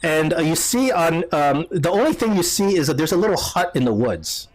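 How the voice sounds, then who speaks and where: A man's voice: fairly high pitch, big pitch swings, normal speed. A man narrating as game master of a tabletop game, casual and loose, with lots of fillers and restarts.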